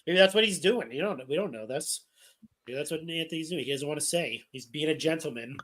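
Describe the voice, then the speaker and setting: A man co-hosting a casual wrestling podcast, playful and quick to laugh. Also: fairly high pitch, fairly bright tone. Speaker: podcast co-host.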